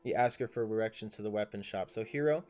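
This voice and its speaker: A man's voice: lowish voice, fast talker, a little mellow, faint music behind. Man coaching players as game master. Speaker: dungeon master. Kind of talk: running a tabletop game on a livestream.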